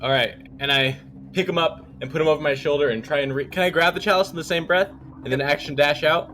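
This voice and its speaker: A man's voice: a little high, fast, bright, forceful tone, slight background noise. A man playing a tabletop game, talking casually and swearing freely. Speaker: player.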